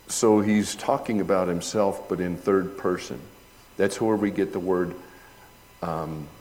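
A man preaches slowly and deliberately in a lowish voice, working through Greek words before building to loud, emphatic peaks. His voice rings with a long reverb, as if he is in a large hall. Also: slight background noise. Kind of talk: sermon with Greek word study.

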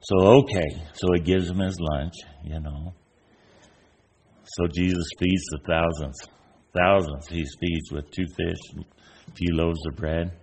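A man's voice: low voice, fairly even intonation, unhurried, darkish tone, a little hiss or hum. An older man giving an informal, folksy sermon, telling stories and acting out the voices of people in them. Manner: folksy storyteller, acts out imagined voices. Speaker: preacher.

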